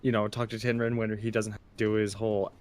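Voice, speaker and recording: A man's voice: fairly low pitch, flat delivery, fast, darkish tone. A man as a tabletop game player, hesitantly explaining his move with lots of fillers. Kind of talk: casual tabletop game chat.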